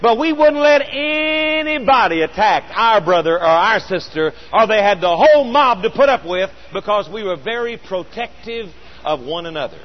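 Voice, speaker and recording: A middle-aged man preaching a sermon, earnest and storytelling, slowing down with emphatic pauses. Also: high-pitched, expressive, muffled recording.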